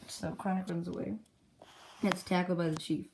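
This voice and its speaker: A woman excitedly retelling the story of her own comic journal in a rambling, casual way, jumping into brief character voices. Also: on the low side, moderate pace, vocal fry, very noisy.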